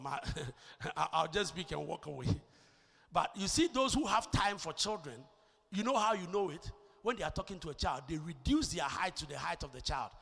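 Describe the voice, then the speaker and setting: Man, Ghanaian English accent, high bright voice, lively preaching, shouted emphasis, long church-hall echo. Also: vocal fry, husky. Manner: emphatic, rising to shouts on key points; repeats words when starting a thought. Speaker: pastor. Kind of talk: sermon.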